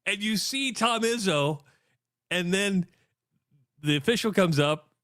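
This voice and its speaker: A man's voice: measured pace, dry recording, studio quality. A man co-hosting a sports radio show, telling stories animatedly and acting out what others said. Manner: animated storyteller, acts out quotes with big pitch jumps. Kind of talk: casual sports talk. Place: radio studio.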